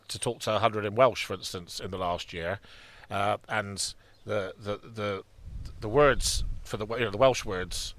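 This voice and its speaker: A man's voice: on the low side, fairly bright tone, dry recording. A man co-hosting a history podcast, chatting casually and rambling with many restarts and fillers. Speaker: podcast co-host.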